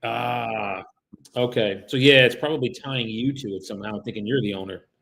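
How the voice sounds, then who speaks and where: A man with a gravelly edge to his mid-range voice talks loosely to his viewers, breaking off sentences and starting over. When someone picks up, he shifts into a courteous, friendly phone manner as a real estate agent making cold calls. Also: medium pitch, moderate pace, fairly bright tone, poor audio. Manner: casual chat with viewers, polite and friendly on calls; trails off and restarts sentences. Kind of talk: live-streamed cold calling with commentary.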